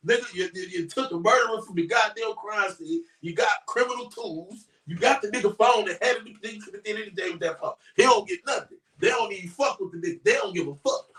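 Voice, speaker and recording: A man giving a brash, profane commentary on a crime story on his YouTube channel, often shouting. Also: high voice, a little fast, hardly any pauses, recorded from a distance. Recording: roomy echo, voice away from mic.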